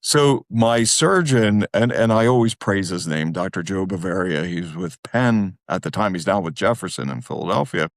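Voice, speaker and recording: Man, low voice, dry close sound, animated storyteller, middle-aged, podcast guest. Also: normal speed, hardly any pauses, no room sound. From Wilmington, Delaware. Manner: animated, self-deprecating, jumps into quoted voices. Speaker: guest therapist. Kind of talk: casual storytelling in a podcast interview.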